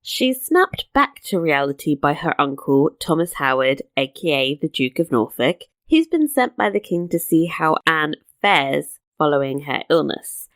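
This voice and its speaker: A woman co-hosts a podcast and walks through a TV episode, dropping sarcastic little asides. Her voice sits low but swings widely in pitch. It is recorded close and dry, with no room sound. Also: a bit bright, no room sound. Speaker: podcast co-host. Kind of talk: casual recap and commentary.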